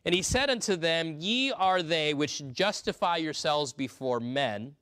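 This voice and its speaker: A man's voice: a little high, animated, measured pace, fairly bright tone, clean tone, dry recording. A man preaching an earnest sermon to his congregation, often restarting and repeating words as he reads scripture aloud. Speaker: pastor.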